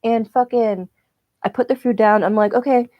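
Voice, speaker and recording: A woman's voice: medium pitch, fairly even intonation, normal speed, no room sound, muffled recording. A woman, chatting casually while knitting and ranting about her day with plenty of swearing. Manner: profane, ranting storyteller. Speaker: streamer.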